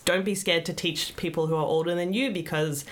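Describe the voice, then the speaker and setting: A woman's voice: on the low side, fairly even intonation, a little fast. A young woman doctor co-hosting a podcast, chatting casually, laughing often and joking about herself. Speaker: podcast co-host, junior doctor. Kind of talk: casual chat.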